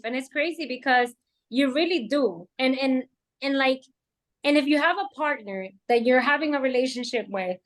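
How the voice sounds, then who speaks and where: A woman's voice: sits high, normal speed. A woman who is a mother, giving advice in a casual podcast chat and checking in with "right?". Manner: advising, tags her points with "right?".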